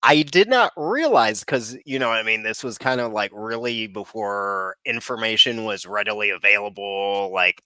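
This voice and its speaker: A man's voice: on the low side, normal speed, few pauses, bright, forceful tone, clean tone, dry recording. A man telling a story in a casual chat, rambling with lots of fillers. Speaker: guest, cannabis YouTuber.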